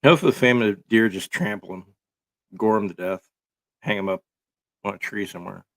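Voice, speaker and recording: A man's voice: on the low side, fairly quick, fairly bright tone. A man giving casual, rambling commentary full of sarcastic jokes and filler words.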